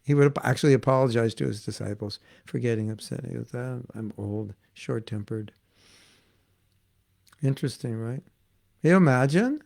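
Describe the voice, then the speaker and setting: A man's voice: medium pitch, expressive, fast talker, gravelly, darkish tone. A man giving an informal devotional class, chatty and laughing as he tells stories and acts out the voices in them. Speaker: spiritual teacher giving a class.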